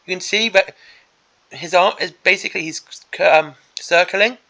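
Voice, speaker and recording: A man with a gravelly, crackly edge to his voice that sits a little high for a man. He has a bright, sharp tone. He rants through a preview in an exasperated, sarcastic way. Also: moderate pace. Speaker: miniatures hobby channel host. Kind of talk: ranting preview commentary.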